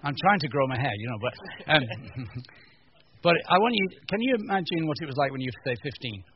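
A man from the north of England giving a humorous teaching talk to a live audience, animated and jokey, acting out little scenes. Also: mid-range voice, brisk, highs cut off. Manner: animated, jokey, acts out voices, stammering restarts. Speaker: preacher.

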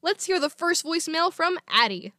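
A woman's voice: very high voice, sing-song, normal speed, pushed and bright, dry recording, clean studio sound. A woman hosting a podcast, chatty and enthusiastic as she reads out listener voicemails and answers them. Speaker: podcast host. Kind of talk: casual solo podcast talk.

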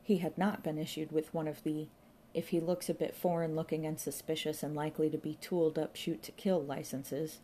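A woman narrating an audiobook in a wry, deadpan manner. Her voice sits fairly low, with a mellow, relaxed tone and steady pacing. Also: a little fast, slight background noise. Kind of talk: scripted narration.

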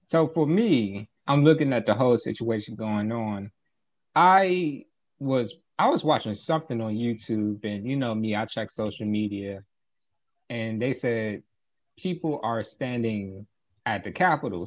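Measured male co-host, mid-pitched voice, a bit muffled. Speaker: podcast co-host. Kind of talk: casual commentary. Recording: slightly dull, muffled audio.

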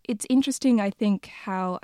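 A woman's voice: medium pitch, moderate pace, warm tone, smooth, no echo, studio quality. A young woman from the UK, a podcast guest who speaks hesitantly with many restarts in a reflective casual chat.

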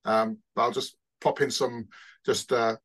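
A man's voice: medium pitch, flat delivery, a little slow, fairly bright tone. A man hosting an interview, asking casual questions with many hesitant fillers. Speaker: interviewer, host.

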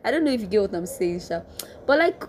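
A young woman in her twenties with a Nigerian accent, telling a personal story in a casual, animated way, laughing often and restarting her sentences. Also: medium pitch, quick pace, slight background noise.

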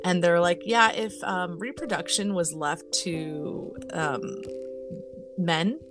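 A woman co-hosting a podcast in casual chat, laughing often and filling pauses. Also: lowish voice, music in the background. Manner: giggly, chatty, lots of fillers. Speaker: podcast co-host. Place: in California.

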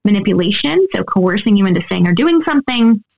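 Brief: earnest expert woman, gravelly edge, dull lo-fi sound. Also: mid-range voice, sing-song, quick pace. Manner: earnest, explanatory, often adds "right?". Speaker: guest expert. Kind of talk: interview answers.

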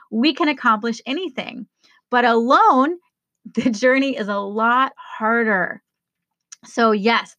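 A woman's voice: on the high side, sharp tone, dry recording. A woman hosting her own podcast as a life coach, talking casually and enthusiastically to listeners. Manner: upbeat, enthusiastic, spells things out slowly.

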